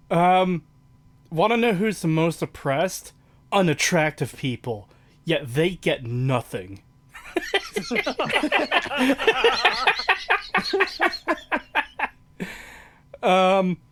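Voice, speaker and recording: A man's voice: on the high side, fairly bright tone. A man co-hosting a podcast in casual chat, making dry sarcastic asides. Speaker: podcast co-host.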